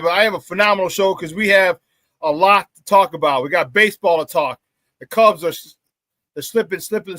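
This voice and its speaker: A man hosting a live sports talk show, hyped and laughing often as he shouts out viewers in the chat. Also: high voice, dry recording.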